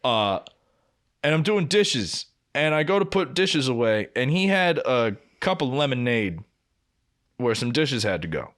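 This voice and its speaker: Unhurried and mid-range in pitch, a young man on a podcast he co-hosts tells a story from work. He's a profane, lively narrator who swears a lot and mimics what people said.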